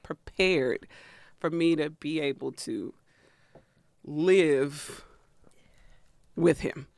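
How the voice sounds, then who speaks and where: A woman co-hosting a podcast in casual chat, animated and laughing often. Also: sits low, drawn-out words, dry recording, studio quality. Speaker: podcast co-host.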